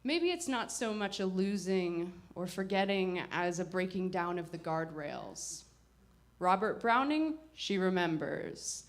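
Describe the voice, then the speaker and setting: A woman telling a personal story at a live performance, wry and reflective, with halting pauses. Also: lowish voice, animated. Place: live performance before an audience.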